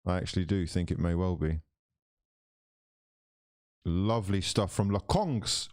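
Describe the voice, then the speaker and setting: A man's voice: on the low side, normal speed, no echo, studio quality. Man streaming football commentary. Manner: mock commentator patter mixed with loud excited outbursts. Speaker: watchalong streamer. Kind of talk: live football watchalong commentary.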